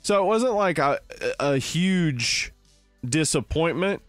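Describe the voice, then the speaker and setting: Smooth-voiced rambling male co-host. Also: on the high side, animated, slow pace, a bit bright, no echo, faint music behind. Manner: rambling, many "like"s and restarts. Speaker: podcast co-host. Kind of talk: casual film-review chat.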